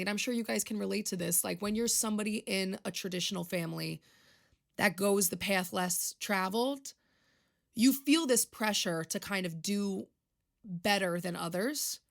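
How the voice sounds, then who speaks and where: A young woman from Long Island, New York hosts her own podcast solo, chatting casually in a rambling, confessional, emotional way. Her voice is medium in pitch and creaky.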